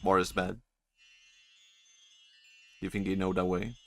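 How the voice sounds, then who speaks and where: A man's voice: low voice, level tone, takes it slowly, gravelly, fairly bright tone, soft background music. A young man streaming a video game, rambling and joking, often swearing and laughing at his own bits. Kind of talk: casual gameplay commentary.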